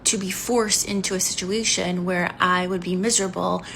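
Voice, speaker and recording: A woman's voice: lowish voice, fairly even intonation, normal speed, vocal fry, fairly bright tone, slight background noise. A woman in her forties speaking frankly in a candid vlog monologue, telling a personal story in a blunt, unfiltered way. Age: 40s.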